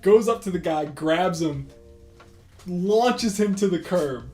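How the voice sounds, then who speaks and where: A man's voice: high-pitched, slow. A man telling a rambling, profane anecdote in casual chat while he draws, full of fillers and retold dialogue. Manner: profane, rambling, animated retelling with many fillers. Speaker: artist hosting a drawing stream. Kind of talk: casual storytelling while drawing. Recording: roomy echo with faint guitar music.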